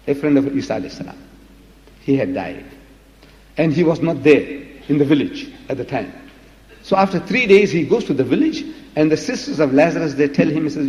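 A male preacher lectures with emphatic, dramatic delivery and pointed rhetorical questions. His voice sits a little high. The recording is dull and lo-fi, with a long reverb tail from a large hall. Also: lively intonation, fairly quick, a little mellow. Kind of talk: religious lecture.

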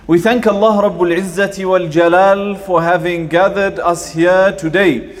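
A male preacher giving a sermon, rattling off Arabic prayers and chanting Quran verses between slower explanation. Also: high voice, fairly even intonation.

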